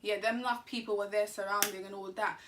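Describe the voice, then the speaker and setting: A woman telling a story to camera in an animated, slangy, laughing way. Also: medium pitch, quick pace, distant mic, a little hiss or hum. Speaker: vlogger. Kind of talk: casual storytime.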